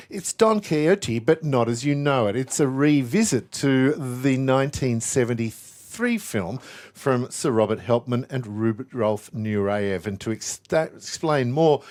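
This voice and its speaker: A man hosting a radio show in a studio. He talks conversationally, with small stumbles, and reads the traffic. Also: medium pitch. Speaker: radio host.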